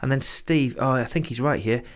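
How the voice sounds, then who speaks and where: A man's voice: mid-range voice, normal speed. A man from Britain hosting a casual online launch chat over a video call, reading out viewer comments and laughing often. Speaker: host.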